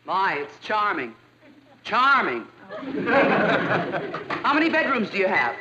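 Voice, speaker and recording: A woman's voice: mid-range voice, big pitch swings, slow pace, over a noisy crowd, very noisy. An actress playing a snooty, condescending middle-aged woman house hunter, with an affected drawl, on a dull lo-fi 1960s TV soundtrack.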